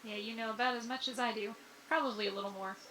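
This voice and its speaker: Woman player, easygoing, slightly high voice, noisy background. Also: steady tone, fast, fairly bright tone. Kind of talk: casual tabletop play.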